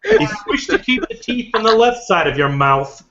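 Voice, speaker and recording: A man's voice: extremely high pitch, huge pitch swings, normal speed, gravelly, crowd noise, pitched above the performer's own voice, heavily acted. A man voicing a proud male half-orc warrior who talks bluntly and threateningly, over a muffled voice chat. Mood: menacing.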